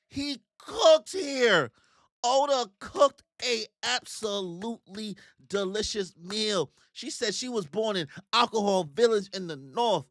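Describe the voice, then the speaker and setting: A man's voice: sits high, no echo, studio quality. A young man doing live reaction commentary on a manga chapter, joking and slangy, acting out the characters as he goes. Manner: joking, animated, slangy, acts out characters in put-on voices.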